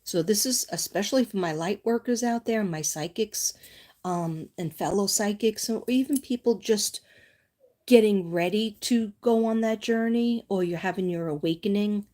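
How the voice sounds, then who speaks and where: Woman, livestream psychic host, casual and reassuring, rambles, mid pitch. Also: normal speed, dark tone. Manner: chatty, reassuring, drifts off on tangents; reads from oracle cards and speaks to viewers by name.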